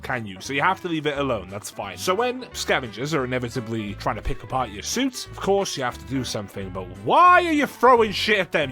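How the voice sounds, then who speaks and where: A man's voice: on the high side, pushed and bright. A man ranting sarcastically and with plenty of swearing in an exasperated video review. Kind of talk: ranting commentary.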